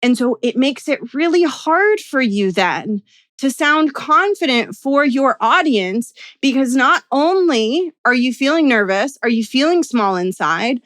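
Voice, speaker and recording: A woman coach speaks straight into a close microphone in a fairly high voice. She teaches with earnest emphasis and keeps asking "right?" to pull the listener along. The sound is dry and intimate, with no room around it. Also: animated, measured pace, fairly bright tone, dry recording. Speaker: communication coach and podcast host. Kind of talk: solo podcast teaching.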